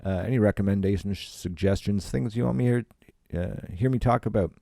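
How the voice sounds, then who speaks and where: Recording his solo podcast at home, a Canadian comedian speaks in a lowish, gravelly, dark voice at a fairly quick clip. He rambles, cusses a lot and leans on fillers, and his home podcast mic delivers studio-quality audio with no room sound.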